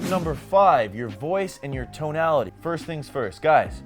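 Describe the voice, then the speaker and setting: A man's voice: on the high side, lively intonation, unhurried, faint music behind. A young man speaking straight to the camera, coaching male viewers on dating with emphatic, direct tips. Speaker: dating advice youtuber. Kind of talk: direct-to-camera advice vlog.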